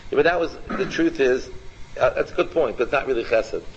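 A man teaching an informal Torah class, animated and repetitive, firing questions at his students by name. His voice sits at a middle pitch. The recording is dull and lo-fi. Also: brisk, slight background noise.

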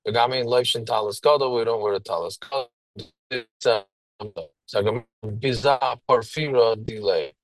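Speaking at a medium pitch and normal speed, a man reads a Hebrew text phrase by phrase, following each with a plain-English explanation. The poor audio has a little hiss or hum.

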